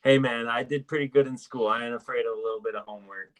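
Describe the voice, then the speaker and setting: A man speaking as a guest on a casual livestream, relaxed and friendly. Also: medium pitch, quick pace, low-quality recording.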